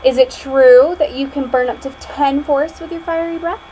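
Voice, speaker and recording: A woman voicing a bold young princess in a read-aloud storybook, sweetly flattering a dragon. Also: high voice, normal speed, a little hiss or hum, lightly acted, poor audio.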